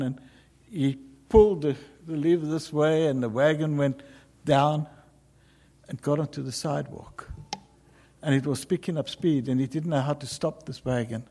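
Gravelly, husky man preaching slowly. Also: a little high. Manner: dramatic, swings from loud calls to hushed whispers. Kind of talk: sermon storytelling.

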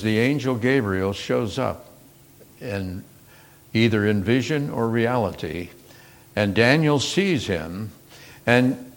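A man preaching a sermon, retelling scripture stories earnestly, with frequent fillers and restarts. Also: medium pitch.

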